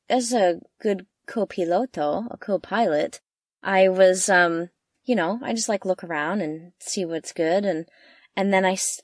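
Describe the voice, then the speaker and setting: A young woman casually telling a travel story from inside a camper van, animated and full of fillers, with her voice jumping up when she quotes herself. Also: no room sound, clean studio sound. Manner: animated, lots of fillers, jumps high when quoting herself. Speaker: travel vlogger.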